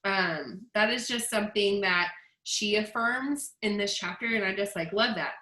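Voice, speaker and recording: A woman's voice: mid-range voice, normal speed, sharp tone. A woman in her thirties giving a chatty, emphatic motivational book talk to her team. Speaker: team leader. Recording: echoey room.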